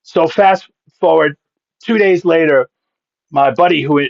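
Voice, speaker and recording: A man in his fifties, a pastor and comedian, telling a comic story as a podcast guest with punchy delivery and quick asides. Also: fairly high pitch, vocal fry, no echo. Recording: dull, dry lo-fi sound.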